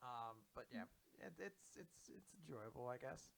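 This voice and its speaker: A man's voice: medium pitch, lively intonation, normal speed, gravelly, a bit bright, slight background noise. A man co-hosting a casual podcast, recapping comic chapters in a loose, joking way and swearing freely. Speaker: podcast co-host.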